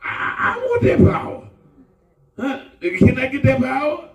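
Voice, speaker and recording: Greedy pleading man, squeaky and high, swooping wildly, as a preacher puts him on; echoey room, mic far off. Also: huge pitch swings, measured pace, creaky, heavily acted. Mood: eager, pleading. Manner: pleading, then shouting eagerly. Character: greedy grown man eager to buy spiritual power.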